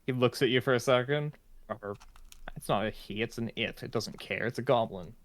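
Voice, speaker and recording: A man's voice: medium pitch, normal speed. A man narrating a tabletop game as game master in a casual, rambling way.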